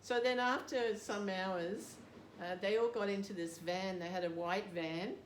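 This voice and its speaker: Her pitch is medium, her tone steady, and her pace measured. She's an older Australian woman, a devotee, sharing a story in a laid-back interview with plenty of laughter and self-deprecating humor. The recording is roomy and noisy in the background.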